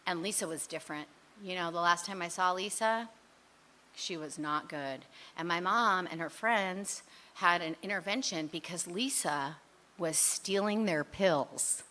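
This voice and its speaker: A woman's voice: lowish voice, animated, moderate pace, pushed and bright. A woman telling her own recovery story at a meeting, candid and rambling, mocking herself and leaning on "you know" and "like". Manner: frequent fillers like "you know" and "like". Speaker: speaker sharing at a recovery meeting.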